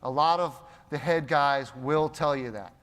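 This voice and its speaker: In a big conference hall with long, echoing reverb, an American keynote speaker talks a little slowly in a voice on the high side. His motivational talk is built on lively stories in which he performs each character's voice.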